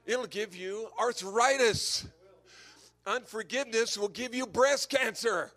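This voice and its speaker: An older man giving an anecdotal sermon as a visiting preacher, telling stories in a lively way and chuckling at his own jokes. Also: very high voice, slow.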